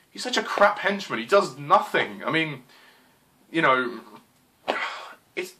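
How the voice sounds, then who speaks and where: A man's voice: on the high side, bright, forceful tone, slight background noise. A young man reviewing a film in a frustrated, exclaiming rant, swearing and apologizing as he goes. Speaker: movie reviewer. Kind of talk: exasperated movie rant.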